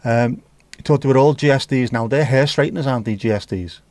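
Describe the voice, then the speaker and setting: A man's voice: medium pitch, fast, darkish tone, no room sound. A man hosting a livestream, chatting casually and teasing as he reads out viewer comments with sweary banter. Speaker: livestream host.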